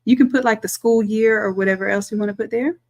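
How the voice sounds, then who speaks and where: A woman, a design instructor chatting through a live-streamed software tutorial, talking to viewers as y'all and thinking aloud as she works. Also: mid-range voice, steady tone, quick pace.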